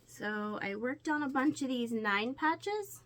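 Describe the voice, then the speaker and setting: A high-pitched, slightly bright woman takes her time, sounding animated as she shows off the week's quilting and sewing projects. Her crafting-vlog narration goes casually through each piece step by step.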